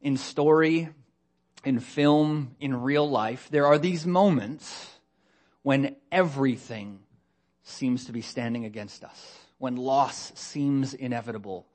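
A man preaching in a calm, measured voice at a middle pitch. He tells stories with reflective pauses, and his voice drops low and soft on key thoughts.

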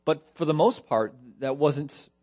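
A man's voice: fairly high pitch, measured pace, darkish tone. A man preaching an expository sermon, posing rhetorical questions in earnest, stressing key phrases and dropping his voice on grave points. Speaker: pastor.

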